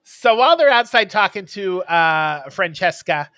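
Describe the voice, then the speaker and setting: A man's voice: high voice, big pitch swings, unhurried, pushed and bright. A man co-hosting a podcast, casually retelling a movie plot in a rambling way with many ums and uhs. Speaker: podcast co-host.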